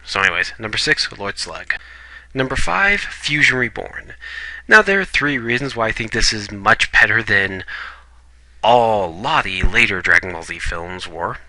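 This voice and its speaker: Male reviewer, blunt and casual, swears freely; bright, close, dry sound. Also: lowish voice, expressive, normal speed, no room sound, rough recording. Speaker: video reviewer.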